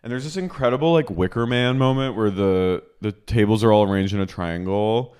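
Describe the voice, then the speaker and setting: Smooth-voiced man recapping a reality show. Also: on the low side, brisk. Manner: animated storyteller, acts out quotes. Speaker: podcast co-host. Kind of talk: casual recap chat.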